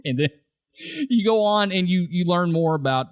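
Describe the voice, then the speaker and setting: A man's voice: sits high, lively intonation, a little fast, smooth, no room sound, clean studio sound. A man co-hosting a casual podcast, laughing often as he retells favorite scenes and acts out quoted lines. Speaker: podcast co-host. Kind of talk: casual podcast chat about a TV show.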